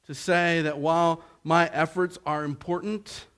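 Slow, deliberate male preacher. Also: little pitch movement, a bit bright. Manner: slow, deliberate preaching that swells in pitch and force on key points. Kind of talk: sermon.

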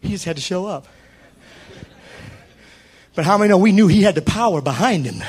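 A man in his fifties preaching a sermon, telling stories and building up to shouted praise. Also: high-pitched, expressive, brisk, a little hiss or hum.

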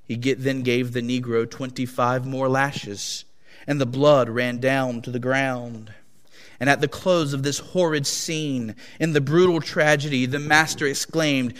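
A man's voice: mid-range voice, fairly even intonation. A male preacher telling a dramatic story in a sermon, in a solemn, weighty manner. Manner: slow, solemn and dramatic reading. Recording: long echo of a large hall.

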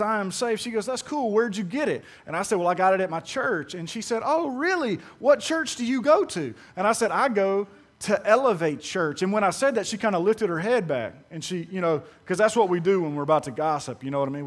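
A man preaching a sermon as pastor, telling stories with acted-out dialogue and asking the congregation questions. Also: high voice. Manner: animated storytelling, acts out dialogue, asks the congregation questions. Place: church sanctuary.

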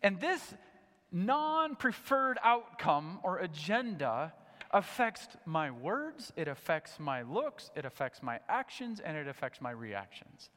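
A man preaching a sermon to a church congregation, animated, swinging between loud emphatic points and low, quiet asides. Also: slow, in a large hall. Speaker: pastor. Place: church sanctuary.

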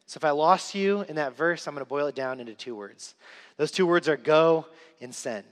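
A young man delivers an earnest sermon, repeating key lines for weight. His voice is fairly high for a man. A long hall reverb trails every phrase. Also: fairly quick. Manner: earnest storytelling with emphatic repetition. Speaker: preacher. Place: church sanctuary.

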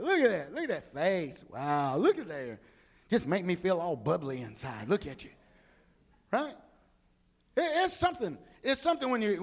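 Lively high-voiced preacher. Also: male voice, normal speed, pauses often. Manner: animated storytelling, acts out people. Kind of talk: humorous sermon.

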